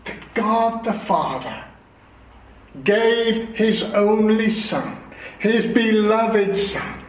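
A man preaching a sermon, explaining scripture in a slow, earnest way. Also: high voice, echoey room, slight background noise, rough recording.

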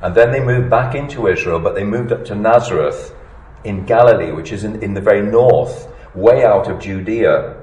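A male preacher. His voice sits a little low, and he drops to near-whispers before rising to emphatic peaks. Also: moderate pace, reverberant, poor audio. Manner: animated preaching, swinging between hushed and emphatic. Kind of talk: sermon.

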